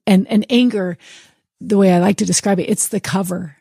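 A woman's voice: medium pitch, fairly even intonation, a little fast, vocal fry, warm tone, slightly rough, no room sound, clean studio sound. A woman hosting a book chat, reflective and affirming as she talks. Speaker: podcast host. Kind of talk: casual chat.

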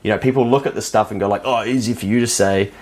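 Lowish-voiced New man, blunt. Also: steady tone, quick pace, a little mellow. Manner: loose and blunt, swears freely. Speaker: podcast guest. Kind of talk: casual chat.

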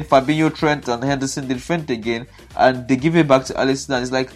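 A man giving animated football match analysis, exasperated and emphatic, often repeating himself for effect. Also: medium pitch, fairly quick, hardly any pauses, soft background music. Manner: exasperated, repetitive, emphatic ranting. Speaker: football pundit.

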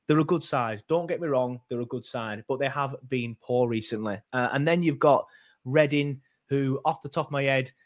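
A man hosts a casual football fan chat at an ordinary pitch. He rambles and hesitates, with plenty of fillers and restarts as he thinks aloud. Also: normal speed. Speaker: fan podcast host.

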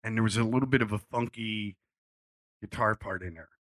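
A middle-aged man spins a casual anecdote with lively, animated delivery, jumping into the voices of the people in his story. His voice is bright and forward, and the sound is dry and close, with no room around it. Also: fairly low pitch, a little fast, no room sound. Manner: animated storyteller, acts out quotes, swears freely. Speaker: musician telling a story.

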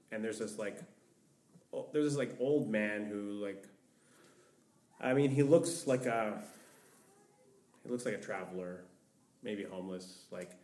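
A young man, a podcast guest, telling a long story in a rambling way, full of "like". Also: lowish voice. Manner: rambling, heavy use of "like". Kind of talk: storytelling in casual conversation. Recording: echoey room, distant mic.

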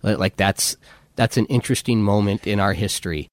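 A man co-hosting a podcast, talking in a wry, teasing way and quick to laugh. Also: lowish voice. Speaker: podcast co-host. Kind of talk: casual conversation.

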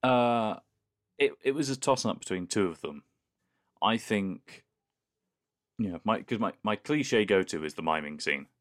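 Low-voiced enthusiastic man co-host. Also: expressive, measured pace, long pauses. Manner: enthusiastic, conversational, hedging. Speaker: podcast co-host. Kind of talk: casual chat.

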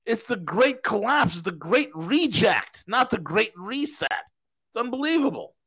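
A man co-hosting a casual political podcast, talking in an animated, mocking way and ranting with scorn. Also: sits high, unhurried, breathy edge, rough recording. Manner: animated, mocking, puts on comic accents. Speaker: podcast co-host.

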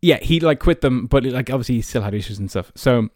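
A man's voice: medium pitch, expressive, quick pace, a little mellow, dry recording. Chatty young Irish man, dry sound. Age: early 20s. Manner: chatty, many fillers like "like" and "you know". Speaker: podcast host. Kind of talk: casual personal storytelling.

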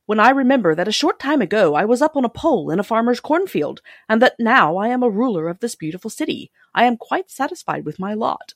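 A woman's voice: a little high, big pitch swings, fast, hardly any pauses, no room sound, clean studio sound, pitched above the performer's own voice. A woman voicing a cheerful straw-stuffed scarecrow who has become a ruler, speaking in a pleased, slightly raised voice. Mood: satisfied. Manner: pleased, a little raised and brighter.

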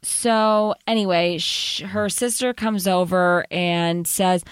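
A woman's voice: medium pitch, moderate pace, hardly any pauses, clean tone, dry recording. A young woman co-hosting a podcast, sarcastically recapping a movie in casual chat. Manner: sarcastic, recaps plot with mock quotes. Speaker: podcast co-host.

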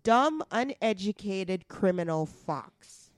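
A woman from Canada co-hosting a casual podcast, speaking bluntly and with lively emphasis. Her voice sits at a middling pitch and is recorded close and dry. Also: slow, no echo. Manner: blunt, outspoken, animated. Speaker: podcast co-host. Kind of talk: casual chat.

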